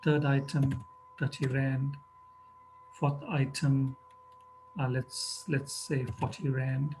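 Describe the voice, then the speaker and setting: A man narrates a screen-recorded coding tutorial from his computer, walking methodically through each step of a programming lesson as he types. His mid-range voice is flat, slow and a little mellow, with a faint hiss or hum in the background.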